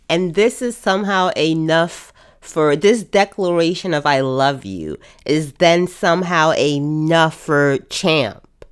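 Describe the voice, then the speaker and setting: Low slow-talking woman podcaster, annoyed ranty vibe, repeats herself for emphasis. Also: animated, smooth. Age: adult. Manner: exasperated, ranting, emphatic repetitions. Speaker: podcast host. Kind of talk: casual review podcast.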